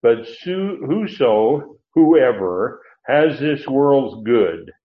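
A man's voice: mid-range voice, animated, drawn-out words. Man preaching over tinny phone-like audio. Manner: teacherly, stresses key words with sudden lifts. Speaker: pastor. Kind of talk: expository sermon.

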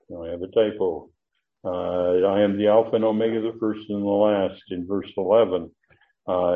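Male preacher, somewhat low voice, teaching scripture with many fillers, swelling to emphatic points; tinny, phone-like recording. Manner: explains Greek grammar, frequent uh fillers, rising emphasis. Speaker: preacher teaching Bible study. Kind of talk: expository sermon.

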